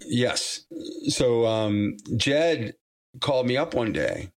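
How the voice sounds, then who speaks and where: Male podcast guest, mid-pitched, loose rambling storyteller, lots of restarts and quick laughs. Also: big pitch swings. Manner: rambling, many restarts and fillers, laughs easily. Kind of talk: casual storytelling interview.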